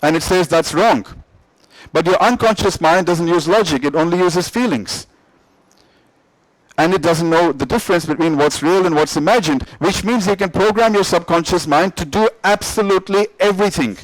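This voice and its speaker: A middle-aged man with a high-pitched voice gives a motivational talk, driving his points home through repetition and questions to the room. The sound is close and dry, with almost no room reflection. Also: moderate pace, dry recording, rough recording. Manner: emphatic, repetitive, asks the audience questions. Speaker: motivational speaker.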